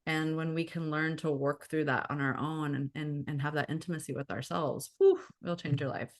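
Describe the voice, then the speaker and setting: A woman with a low voice talks through a video call as a wellness coach. She speaks frankly and earnestly, circling back on herself with restarts as she explains her work. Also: fairly even intonation, normal speed. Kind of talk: casual talk on a group video call.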